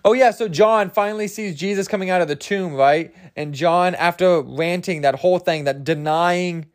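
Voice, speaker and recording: A man's voice: sits high, normal speed. A man hosting a podcast on his own, rambling loosely and cracking jokes, with plenty of swearing and restarts. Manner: loose, profane, jokey, with many fillers and restarts. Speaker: podcast host. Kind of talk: rambling casual monologue.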